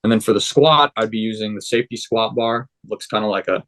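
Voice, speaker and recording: On the low side and brisk, a young man's voice carries his story as a podcast guest. He keeps it casual and lively, acting out what others in the tale said.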